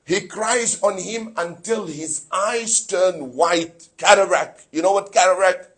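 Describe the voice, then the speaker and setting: A man's voice: high voice, slow, fairly bright tone, slightly rough. A man giving a sermon in a mosque, preaching fervently, asking his listeners rhetorical questions and reciting Arabic phrases from scripture. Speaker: sheikh giving a Muharram lecture.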